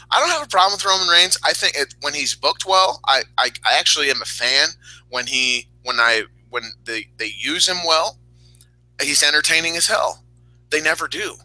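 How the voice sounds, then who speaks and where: A man's voice: fairly high pitch, moderate pace, no echo, low-quality recording. A man hosting a casual wrestling podcast, ranting with heat and frequent swearing. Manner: profane, heated, animated ranting. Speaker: podcast host.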